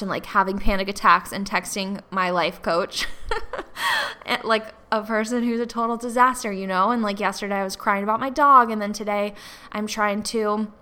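A young woman in her twenties hosts a casual solo podcast, her bright, crisp voice rambling along with plenty of "like" fillers. She sounds tearful, as if she has been crying. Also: medium pitch. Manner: rambling, chatty, many "like" fillers. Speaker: podcast host.

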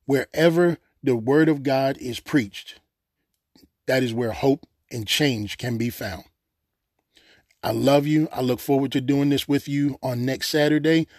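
A man's voice: medium pitch, a little slow, a little mellow, no room sound, clean studio sound. A man preaching an unscripted sermon, earnest and emotional, repeating phrases for emphasis.

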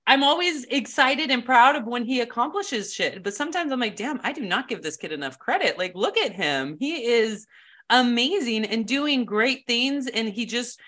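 A woman co-hosting a podcast in casual chat, candid and quick to laugh, often quoting other people as she tells stories. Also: on the high side, animated, a bit bright. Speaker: podcast co-host.

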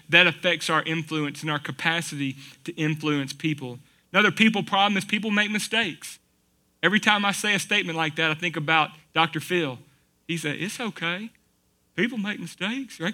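A man's voice: on the high side, pushed and bright. A man preaching a sermon in a conversational, folksy way, asking the congregation rhetorical questions. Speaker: pastor.

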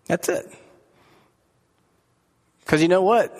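A man's voice: medium pitch, expressive, a little slow, long pauses. A man preaching a sermon to a live congregation in an earnest, conversational way, asking his listeners direct questions. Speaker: pastor. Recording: echoey hall reverb.

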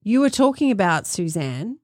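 A woman co-hosting a podcast, chatting casually and quickly with asides. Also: mid-range voice, sing-song, darkish tone, dry recording, clean studio sound. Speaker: podcast co-host. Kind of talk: casual banter.

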